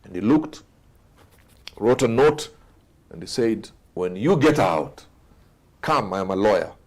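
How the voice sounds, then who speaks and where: Husky man telling a dramatic story. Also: lowish voice, expressive, takes it slowly. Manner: dramatic storyteller, voice swings from loud to hushed. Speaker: guest speaker. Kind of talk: motivational storytelling.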